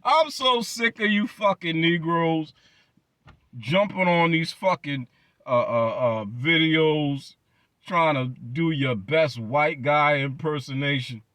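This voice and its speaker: A man's voice: on the high side, slow, fairly bright tone, dry recording. A man hosting his channel, delivering a blunt, profane commentary rant full of emphatic repetition. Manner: blunt, emphatic, heavy swearing, repeated words. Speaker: channel host.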